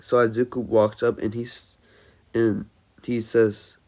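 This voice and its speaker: A man improvising a fan-fiction story as narrator, halting often with fillers and restarts. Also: lowish voice, flat delivery, dark tone.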